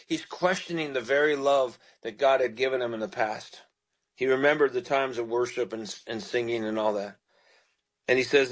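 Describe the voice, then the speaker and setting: A man's voice: mid-range voice, moderate pace, fairly bright tone. A man preaching a radio sermon, reading scripture and then explaining it in an earnest, pastoral way.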